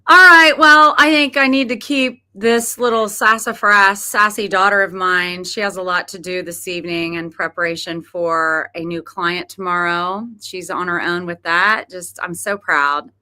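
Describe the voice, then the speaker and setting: Bright, lively middle-aged woman host. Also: on the low side, moderate pace, few pauses, clean tone. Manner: laughing, chatty, tells stories with quoted voices. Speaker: podcast host. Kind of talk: casual chat.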